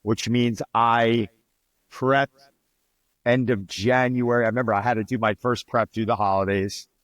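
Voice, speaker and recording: Male fitness trainer guest, animated storyteller, bare dry mic. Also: mid-range voice, moderate pace, no room sound. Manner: animated, acts out quoted dialogue. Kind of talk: storytelling in a casual interview.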